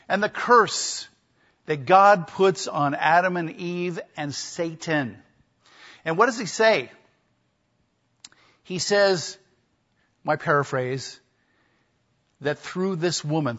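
A man delivers a sermon with a husky voice pitched a little high. He is emphatic and acts out the quoted speech of people in the story. The recording sounds dull and lo-fi. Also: slow pace, pauses often, a bit bright. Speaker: pastor. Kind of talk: expository sermon.

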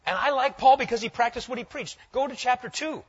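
Husky-voiced emphatic male pastor. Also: extremely high pitch, fairly quick, lo-fi sound. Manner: emphatic, repeats key phrases, drops to quiet intensity when quoting. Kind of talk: sermon.

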